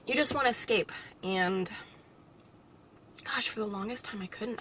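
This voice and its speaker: A young woman vlogging alone, talking in a halting, reflective way with nervous little laughs, emotional and close to tears. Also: mid-range voice, fairly bright tone, a little hiss or hum. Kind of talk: personal vlog monologue.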